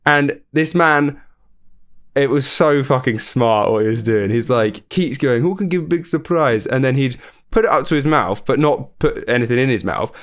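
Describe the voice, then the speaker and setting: A man's voice: mid-range voice, normal speed. A man, co-hosting a casual podcast and telling a story animatedly, laughing and swearing often. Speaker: podcast co-host. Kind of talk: casual chat.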